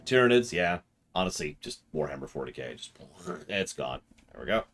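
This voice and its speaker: A man streaming a video game, joking with his chat in mock disbelief and getting excited. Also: very deep voice, fairly quick. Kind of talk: casual live-stream commentary.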